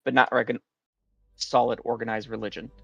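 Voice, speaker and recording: A man's voice: mid-range voice, level tone, fairly quick, creaky, fairly bright tone, no room sound, dull audio. A man casually recapping the last session of a tabletop game, rambling with many fillers and restarts.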